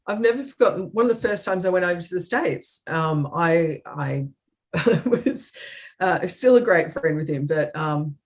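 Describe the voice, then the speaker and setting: A woman's voice: fairly low pitch, lively intonation, measured pace. A woman co-hosting a comedy chat over a video call, telling a story in an earnest, hesitant way with many ums. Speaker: comedy show co-host.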